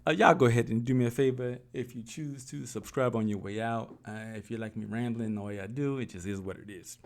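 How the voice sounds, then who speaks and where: A male YouTube commentator with a medium-pitched voice talks briskly through an impassioned motivational vlog. His style is preachy, and he repeats phrases to drive them home.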